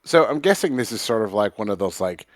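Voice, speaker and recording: Co-host, male, deep and hoarse, tired deadpan delivery. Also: fast, dry recording. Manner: low-energy, deadpan. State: hoarse from a cough. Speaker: stream co-host. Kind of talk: casual chat.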